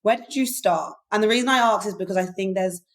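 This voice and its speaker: A woman's voice: medium pitch, fast talker. A woman hosting a podcast, asking her guest friendly probing questions in a casual interview. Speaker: podcast host.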